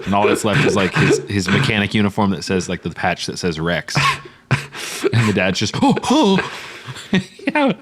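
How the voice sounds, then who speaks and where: A man's voice: low voice, fairly even intonation, fairly quick, over music. A man co-hosting a podcast, improvising a story in casual chat, laughing and acting out characters' lines. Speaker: podcast co-host.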